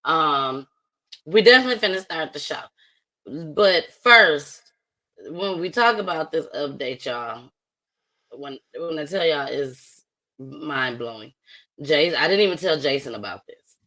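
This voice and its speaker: A woman hosting a casual livestream talk show, playful and slangy, often laughing and talking loudly. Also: low voice, expressive, unhurried, poor audio. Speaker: host.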